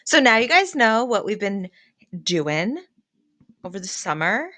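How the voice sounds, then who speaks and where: A woman co-hosting a podcast, chatting casually and chiming in with quick reactions. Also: medium pitch, very animated, pushed and bright, no room sound. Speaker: pottery studio co-owner and podcast host. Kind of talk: casual chat.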